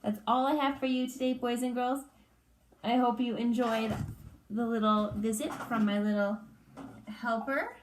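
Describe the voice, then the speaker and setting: A woman teacher reading a picture book aloud to young children in an expressive storytime manner. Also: a little high, measured pace, noisy background. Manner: expressive, speaks warmly to children.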